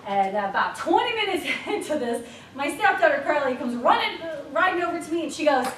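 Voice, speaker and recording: High, lively woman telling stories to a crowd. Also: brisk, a little hiss or hum. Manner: animated storytelling with frequent laughs. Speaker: speaker. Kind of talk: motivational talk to an audience. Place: event room with an audience. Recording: echoey room, voice from a distance.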